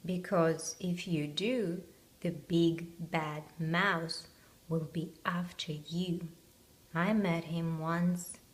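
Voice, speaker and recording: A woman playing a hushed, gruff monster dad. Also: slow pace, hardly any pauses. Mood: hushed warning. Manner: low and hushed, spooky warnings. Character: big gruff male monster father, solemn.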